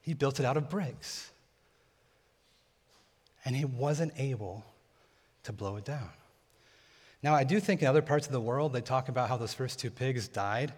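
A man's voice: mid-range voice, moderate pace, pauses often, darkish tone, slightly rough. Young male pastor, conversational sermon in a reverberant hall. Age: young adult. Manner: casual, conversational teaching.

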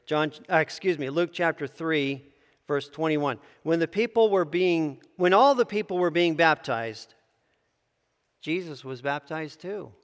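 A man leads a Bible lesson in a loose, conversational way, stopping to correct himself and add asides. His voice sits a little high. The sound rings with the long echo of a large church hall. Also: a little slow. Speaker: bible teacher. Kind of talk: bible teaching.

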